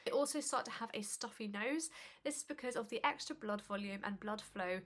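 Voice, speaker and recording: Bright-voiced woman, slightly breathless. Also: medium pitch. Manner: chatty, conversational with frequent fillers. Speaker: pregnancy vlogger. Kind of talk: casual informative vlog.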